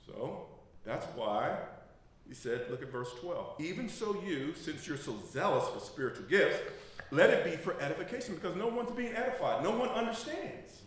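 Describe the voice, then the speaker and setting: This male pastor's voice runs on the high side, sing-song and at a moderate pace. In a very echoey church, his sermon is full of jokes and laughter, and he has the responding congregation complete his missing words.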